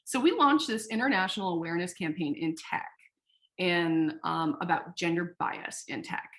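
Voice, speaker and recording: Woman guest, candid founder, animated storyteller, swears freely. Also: on the low side, normal speed. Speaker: founder of a sexual wellness company, podcast guest. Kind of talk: casual interview storytelling.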